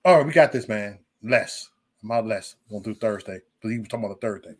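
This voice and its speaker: A man hosting a casual livestream, joking loudly and cursing, breaking into laughter often. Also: lowish voice, fast talker, breathy edge. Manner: loud, joking, profane banter with frequent laughs. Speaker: live stream host.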